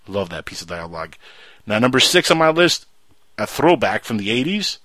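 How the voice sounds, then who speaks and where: A podcast host runs a casual movie talk show with enthusiasm, acting out film quotes as his pitch rises. His voice swings widely in pitch and is bright and forceful, at a moderate pace with no echo.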